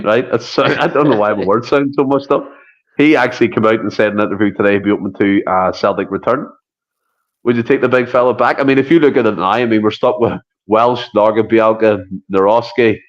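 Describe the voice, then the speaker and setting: A Scottish man hosting a podcast quiz, talking in a brisk, jokey way and swearing freely. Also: medium pitch. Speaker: podcast host running a quiz. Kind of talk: casual podcast chat. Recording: dull lo-fi podcast audio.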